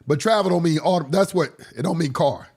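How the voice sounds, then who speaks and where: A man giving a casual livestream lecture as a course instructor, blunt and profane, his voice hoarse from a cold. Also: a little high, a little fast, a little mellow.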